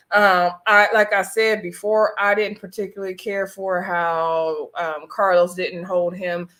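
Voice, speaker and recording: A young woman with a bright, forward voice recaps a reality show live. She is casual and sassy and keeps turning to her viewers to call them y'all. Her pitch sits right in the middle for a woman. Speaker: host reviewing a reality show.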